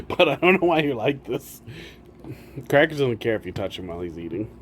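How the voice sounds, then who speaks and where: A man's voice: mid-range voice, big pitch swings, fairly quick, a little hiss or hum. A man streamer chatting casually, teasing his pets and laughing often. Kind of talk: casual chat.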